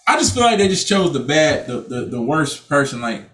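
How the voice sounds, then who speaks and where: A man's voice: a little high, big pitch swings, fairly quick, a bit bright, distant mic. A man co-hosting a casual podcast, talking loosely and cursing as he acts out quotes. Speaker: podcast co-host. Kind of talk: casual chat. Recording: echoey room, off-mic.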